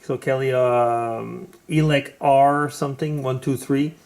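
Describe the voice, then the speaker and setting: A man's voice: medium pitch, fairly even intonation, slow pace, creaky, darkish tone. A man hosting a casual video chat, talking hesitantly with many fillers. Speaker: host.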